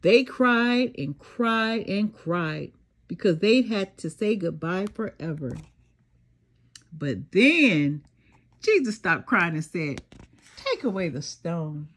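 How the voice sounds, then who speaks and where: An older woman reading a children's storybook aloud, slow and sing-song with dramatic pauses and a softly breathy voice. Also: mid-range voice, lively intonation. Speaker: storybook reader. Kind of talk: expressive children's read-aloud.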